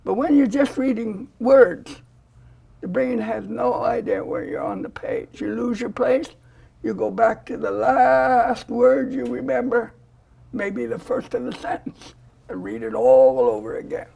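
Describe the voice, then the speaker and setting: Gravelly husky older woman telling stories. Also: a little high, unhurried. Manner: animated storyteller who acts out quoted dialogue. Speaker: foster grandparent volunteer. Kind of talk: storytelling in a studio interview.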